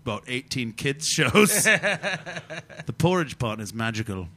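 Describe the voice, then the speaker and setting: A man's voice: mid-range voice, slow, a little hiss or hum. A middle-aged man, a comedian guest, telling rambling comic stories in a casual chat and slipping into silly voices. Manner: rambling, animated, slips into silly put-on voices. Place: small backstage room at a festival.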